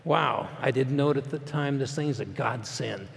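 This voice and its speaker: A middle-aged man speaking as a motivational speaker, telling a personal story to a live audience in a plainspoken, folksy way that swings between hushed and loud. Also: mid-range voice, moderate pace, creaky. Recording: long hall reverb.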